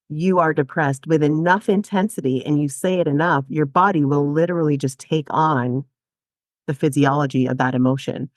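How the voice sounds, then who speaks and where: A woman's voice: sits low, dry recording. A woman psychotherapist guest on a podcast, talking animatedly, laughing often and acting out quoted voices. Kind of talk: podcast interview.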